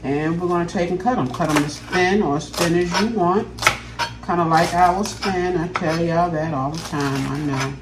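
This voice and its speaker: A woman's voice: on the low side, moderate pace, very noisy. A woman hosting a casual cooking demonstration in her home kitchen, chatting and often checking in with her viewers. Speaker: cooking channel host.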